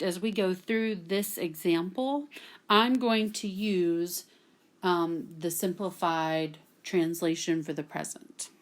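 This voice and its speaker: A woman from Texas, teaching a classroom grammar lesson at a whiteboard and patiently checking in with "okay?" after nearly every point. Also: fairly low pitch. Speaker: Latin teacher.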